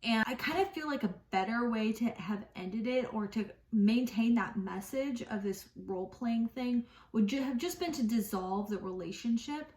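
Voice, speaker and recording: A woman's voice: fairly high pitch, normal speed, few pauses, darkish tone, echoey room, far from the mic. A woman giving a casual book review in a wry, puzzled way.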